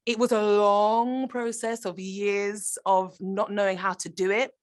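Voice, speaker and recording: A woman's voice: medium pitch, level tone, measured pace. A woman, an actor, talking in a conversational interview, earnest and reflective, often restarting her sentences. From Britain.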